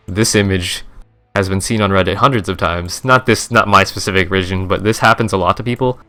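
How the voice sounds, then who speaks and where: A man's voice: sits low, fairly quick, bright, forceful tone, faint music behind. A young man, a streamer, casually recapping his game trades in a rambling, profane, self-correcting way.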